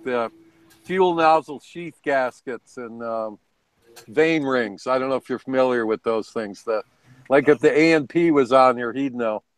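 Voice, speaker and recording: A man with a clear, resonant, medium-pitched voice chats on a video call as a guest at a hobby hangout, though the recording is rough. He rambles casually through anecdotes, chuckling as he goes.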